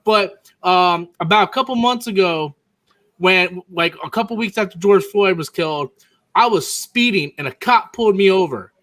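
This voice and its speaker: A man with a high voice telling a personal anecdote on a casual podcast. His voice is clear and light. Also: moderate pace, fairly bright tone. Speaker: podcast panelist. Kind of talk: casual storytelling.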